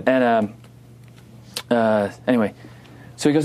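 A man from New Jersey telling a story in casual chat, animated and laughing, acting out the other people's voices. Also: mid-range voice, moderate pace, long pauses.

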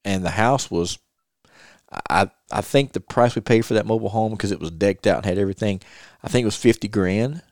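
Talking a little fast in a low, slightly mellow voice, a middle-aged man from North Carolina hosts a podcast in a dry, studio-quality recording. His casual storytelling is earnest and personal, full of repetition and long quotations of advice he once got.

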